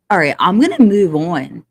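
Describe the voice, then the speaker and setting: A woman's voice: on the low side, gravelly, breathy edge. Teasing woman podcast co-host. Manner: teasing, laughs often, swears casually. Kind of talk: casual sports podcast chat.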